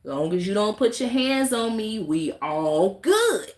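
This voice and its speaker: This YouTube vlogger's rant is emphatic and repetitive, and she talks with her hands throughout. She speaks at a measured pace in a mid-range voice that is a little mellow, with lively intonation, in a reverberant space.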